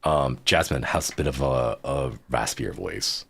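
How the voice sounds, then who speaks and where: Excitable deep-voiced male game streamer. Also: measured pace, gravelly, no room sound. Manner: excitable and chatty, talks to chat while reading game lines. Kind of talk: live game stream commentary.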